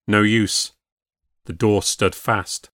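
A man narrating a ghost story in a measured storytelling way for a podcast. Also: fairly low pitch, little pitch movement, fairly bright tone, no room sound, studio quality.

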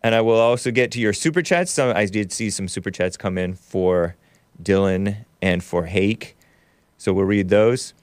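Clear-voiced upbeat male show host. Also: no echo. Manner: upbeat, quick asides and bursts of high excitement. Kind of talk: live call-in show chat.

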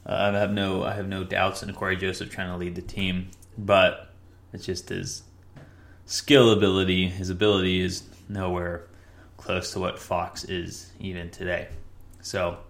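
A young man with a low, fairly bright voice hosts a casual solo sports podcast. He rambles, corrects himself often, and uses frequent fillers.

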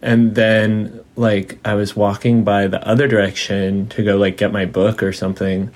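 A man's voice: lowish voice, level tone, moderate pace, darkish tone. A man as a podcast guest, telling stories in casual chat, rambling with lots of fillers, laughing, and quoting his mother in her voice. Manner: acts out his mom's voice when quoting her.

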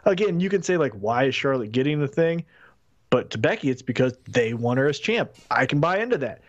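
Male co-host, animated chat, lively swings in pitch, muffled lo-fi sound. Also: brisk. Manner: animated, acts out quotes with big pitch jumps. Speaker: podcast co-host. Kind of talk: casual podcast chat.

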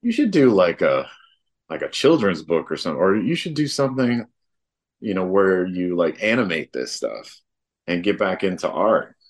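A man's voice: sits low, sing-song, normal speed. A man putting on the voice of his young child, eagerly pleading for a favorite story.

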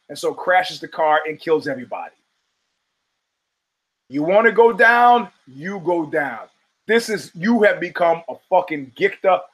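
A man's voice: sits high, poor audio. Ranting man host, swearing and digressive. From United States. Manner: emphatic, ranting, profane, digressive. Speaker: podcast host. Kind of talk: profane monologue on fight results.

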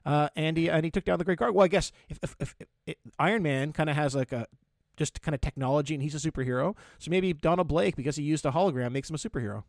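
Fast-talking man with dry sound. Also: a little high, vocal fry, dry recording. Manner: halting, stammering restarts. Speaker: podcast co-host. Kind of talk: casual chat.

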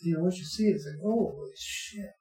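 Older male guest, wry rambling storyteller, slightly high voice, echoey room. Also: rapid-fire, mellow. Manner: rambling, wry, chuckling asides. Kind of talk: casual interview chat. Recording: echoey room, faint music.

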